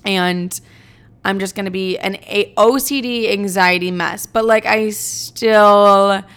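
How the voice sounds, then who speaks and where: A young woman in her twenties hosts a casual confessional podcast, talking bluntly, swearing freely, and wandering from thought to thought. Her voice is mid-pitched with heavy, gravelly vocal fry. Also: steady tone, slow pace, fairly bright tone. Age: 20s. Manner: blunt, profane and rambling. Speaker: podcast host.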